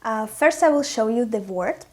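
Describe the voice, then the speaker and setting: A woman, a native Russian speaker with a Russian accent, teaching a language lesson with slow, careful pronunciation drills. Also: a little high, lively intonation, a little mellow.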